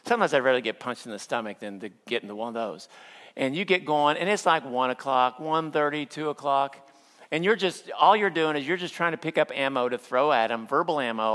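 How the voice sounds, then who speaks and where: A middle-aged male pastor preaching a sermon, telling stories with playful humor and acting out quotes, then slowing down for earnest points. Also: medium pitch, expressive, a bit bright. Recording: long hall reverb.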